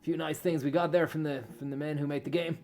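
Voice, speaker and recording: A man's voice: on the high side, flat delivery, quick pace, a little mellow. A man giving a crude, swearing, mock-serious comic rant while playing a racing game, full of over-the-top bravado. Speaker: comedic gaming commentator.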